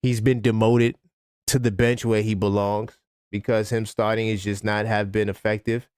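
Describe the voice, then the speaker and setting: Male streamer riffing on sports, smooth voice, dry close sound, loose and animated. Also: on the low side, normal speed, no room sound. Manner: animated, conversational, frequent fillers. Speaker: sports talk livestream host. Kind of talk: casual live-stream commentary.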